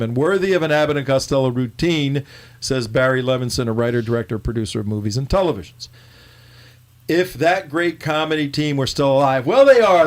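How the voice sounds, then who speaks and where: A man hosting a casual political talk show, joking and animated. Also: medium pitch. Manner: joking, animated, talks over co-host.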